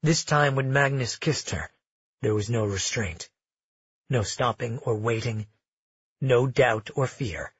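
A man narrating a romance audiobook in a measured, intimate storytelling manner. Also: mid-range voice, a bit bright, husky, dry recording, lo-fi sound.

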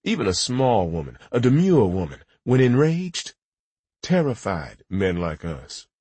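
A man's voice: fairly low pitch, huge pitch swings, a little slow, dark tone, slightly rough, dry recording. A man narrating a story in first person with dramatic, vivid delivery. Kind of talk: audiobook narration.

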